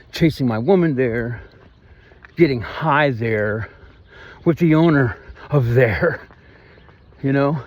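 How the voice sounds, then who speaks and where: A man with a Missouri twang venting in a rambling, aggrieved vlog monologue. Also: mid-range voice. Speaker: vlogger.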